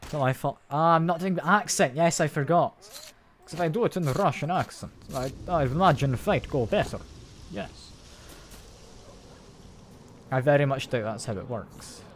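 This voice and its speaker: A man's voice: medium pitch, slight background noise. A man giving live commentary while playing a shooter game, thinking aloud and making wry, self-mocking jokes. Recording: loud game gunfire and ambience behind voice.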